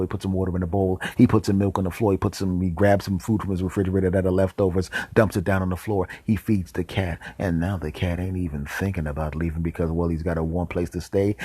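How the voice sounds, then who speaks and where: A man with a deep, husky voice spins an absurd comic tale in a straight-faced monologue. He slips into hushed asides now and then, and the sound is close and dry. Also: dry recording. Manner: deadpan tall tales with whispered asides. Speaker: podcast host.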